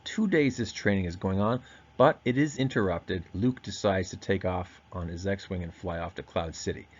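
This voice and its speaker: A man giving a recorded grammar lesson, explaining step by step and slowing down to stress key words. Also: sits low, husky, lo-fi sound. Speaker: teacher.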